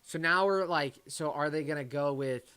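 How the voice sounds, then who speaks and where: A man hosting a casual live-stream watch party, reading viewer comments aloud and reacting. He is excitable and swings between loud bursts and low muttering. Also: normal speed, clear, resonant tone. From Detroit area. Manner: excitable, talks to chat and his pet, swings from loud to muttering.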